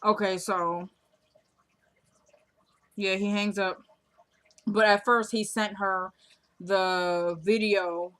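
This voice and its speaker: A woman vlogger casually recapping a TV drama episode in a slangy, animated storytelling way. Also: mid-range voice, extremely slow, pauses often.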